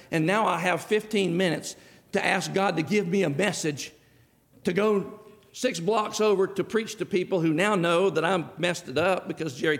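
Middle-aged man, pastor, folksy storyteller at the pulpit, voice a bit high, long church-hall reverb. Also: fairly bright tone. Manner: folksy storytelling, acts out dialogue. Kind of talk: sermon.

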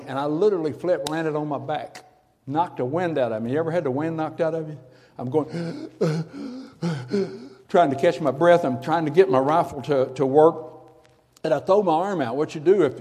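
Older man telling a dramatic story, mellow voice, long hall reverb. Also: fairly high pitch. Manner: drops from loud to hushed near-whisper for effect. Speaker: speaker giving a testimony. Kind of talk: dramatic personal storytelling to an audience.

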